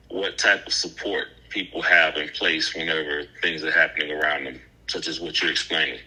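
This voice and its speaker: A very deep-voiced man with a husky, sharply bright tone. He talks like a calm mental health professional, slow and patient, and keeps saying the caller's name. His voice comes through with a phone-line sound.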